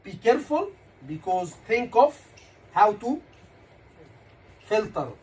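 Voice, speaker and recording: A man's voice: sits high, moderate pace, husky, low-quality recording. A man with an Egyptian accent teaching a class as an exam tutor, asking questions and repeating key words.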